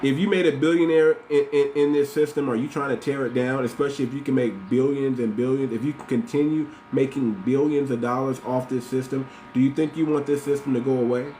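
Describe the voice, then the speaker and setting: A man's voice: mid-range voice, steady tone, brisk, hardly any pauses, mellow, slight background noise. A man hosting a podcast, giving blunt, repetitive commentary straight to his listeners. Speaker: podcast host. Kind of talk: casual commentary monologue.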